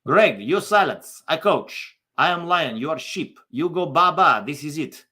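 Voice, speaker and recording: A man's voice: fairly high pitch, expressive, unhurried, bright, forceful tone, husky, voice pushed up, heavily acted. A man voicing a boastful male striker who speaks in arrogant, broken English with a heavy foreign accent.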